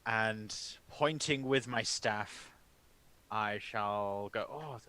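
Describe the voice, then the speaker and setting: A man's voice: fairly low pitch, very slow, pushed and bright, smooth. A man playing a tabletop game, talking in a playful, jokey way and stumbling over his words now and then. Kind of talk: casual game table chat.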